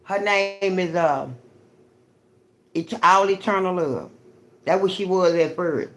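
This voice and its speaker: A woman hosting a livestream, telling a personal story in a profane, animated, repetitive way. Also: on the low side, slow pace. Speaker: livestream host.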